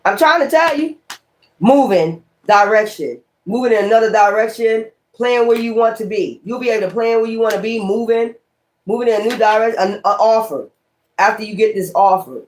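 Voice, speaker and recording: A woman's voice: fairly high pitch, a little fast, a little mellow, slight background noise. A woman giving a casual tarot reading in a blunt, rambling, slangy way, swearing freely and repeating key words. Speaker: tarot reader.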